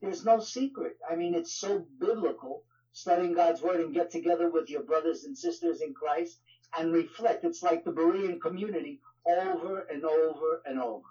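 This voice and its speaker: A man's voice: on the high side, moderate pace, dark tone, highs cut off. A man with a New York accent, a ministry leader talking as a guest in an interview, conversational with frequent fillers. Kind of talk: casual interview talk.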